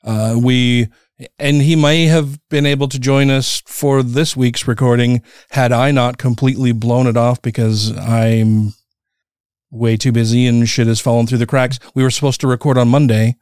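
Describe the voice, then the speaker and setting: Smooth-voiced middle-aged male podcast host. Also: medium pitch, flat delivery, normal speed, darkish tone, no echo, clean studio sound. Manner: laid-back, laughs often, swears casually. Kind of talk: casual podcast chat.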